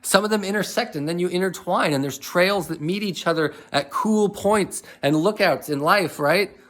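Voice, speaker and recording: Man, higher voice, rambling reflective monologue, lots of questions. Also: moderate pace. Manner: rambling, questioning, with frequent restarts and soft laughs. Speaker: motivational speaker.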